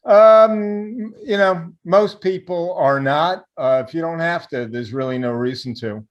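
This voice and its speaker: A man's voice: on the high side, unhurried, dull audio. An older man with a New York accent, a guest fund manager talking casually and reflectively, with hesitant fillers, from his home over a remote call. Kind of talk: casual interview talk.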